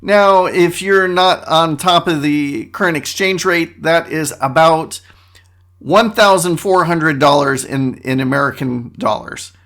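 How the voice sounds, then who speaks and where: A man's voice: a little high, a little slow, fairly bright tone. A man hosting his own podcast, delivering a comedic monologue with sarcastic, mock-boastful asides. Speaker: podcast host.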